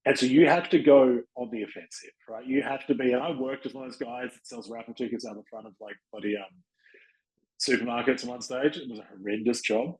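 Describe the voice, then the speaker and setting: A man's voice: mid-range voice, fairly even intonation, brisk, darkish tone, low-quality recording. Blunt, chatty Australian man coaching. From Western Australia. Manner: blunt, chatty, acts out little dialogues with people. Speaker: podcast host and chiropractic practice coach. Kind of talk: casual coaching talk.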